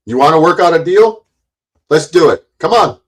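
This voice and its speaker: A man's voice: a little high, expressive, normal speed, rough recording. Profane, ranting middle-aged man. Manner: confrontational, taunting, swears heavily, stammers on restarts. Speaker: YouTube commentator. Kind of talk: angry profane rant to the camera.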